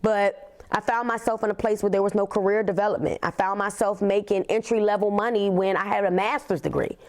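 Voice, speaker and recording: Woman podcast host, talks it through with lots of emphasis, regular middle pitch. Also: steady tone, darkish tone. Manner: emphatic, repeats "literally", stretches key words slowly. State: tearful. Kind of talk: personal storytelling monologue.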